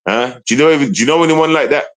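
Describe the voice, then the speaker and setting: A man's voice: quick pace, rough recording. A man talking to his live stream in a rambling, profane monologue, confrontational, often asking if listeners understand. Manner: repetitive, profane, keeps asking "you understand?"; confrontational, swings between low mutter and raised voice. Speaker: livestreamer.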